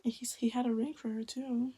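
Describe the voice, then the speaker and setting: Woman, casual reading vlog, half-whispered, mellow, fairly high voice. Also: flat delivery, fairly quick, a little hiss or hum, rough recording. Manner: often half-whispered, casual, laughing asides. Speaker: webtoon reading vlogger. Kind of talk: reading aloud and reacting.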